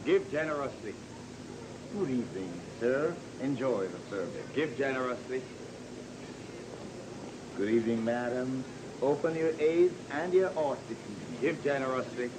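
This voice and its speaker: A man's voice: mid-range voice, moderate pace, pauses often, lightly acted. A man playing a sly Jamaican church treasurer. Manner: sly, sing-song greetings. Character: sly male church treasurer greeting worshippers. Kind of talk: comedy sketch. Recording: noisy ambience.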